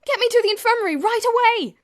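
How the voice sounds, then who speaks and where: A woman voicing a panicky teenage schoolboy who stammers in a high, shrill voice. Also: lively intonation, fast talker, no room sound, clean studio sound. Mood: panicked. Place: quiet room with nearby traffic.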